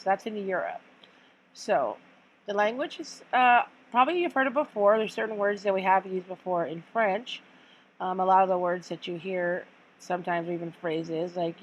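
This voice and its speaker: A woman teacher giving a recorded lesson for children, speaking slowly and patiently and repeating words for students to follow. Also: medium pitch, a little hiss or hum.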